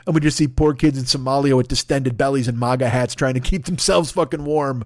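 Brisk and medium-pitched, this podcast host rants comically in exasperated bursts packed with swearing. The podcast microphone captures him with no echo.

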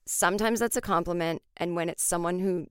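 A woman in her forties hosting a podcast, telling a comic personal story with lively acted-out quotes and casual swearing. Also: fairly low pitch, fairly quick, clear, resonant tone, dry recording, studio quality. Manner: animated, acts out voices in quotes, swears freely. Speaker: podcast host.

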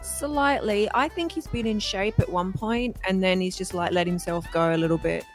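A woman's voice: medium pitch, moderate pace, soft background music. A woman joining a podcast, giving brief, understated replies in casual chat.

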